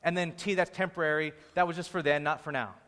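A man's voice: a little high, steady tone, fast talker, fairly bright tone, clear, resonant tone. A man preaching a sermon, conversational and joking with the congregation. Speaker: pastor. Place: church hall. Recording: long hall reverb.

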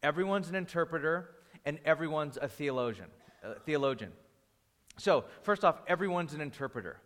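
A pastor teaches a church class in a relaxed, conversational way, full of restarts and stories. His voice sits a little high for a man. The sound rings with the long reverb of a large hall. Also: fairly quick. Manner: conversational, restarts and anecdotes, rising energy when storytelling.

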